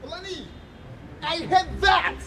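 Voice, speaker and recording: A man's voice: very high-pitched, slow, sharp tone, heavily acted. An actor playing a flashy young show-off who mixes American slang into his talk in a sitcom. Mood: excited. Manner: boastful, laughing, mixes American slang into Nigerian English. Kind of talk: sitcom acting.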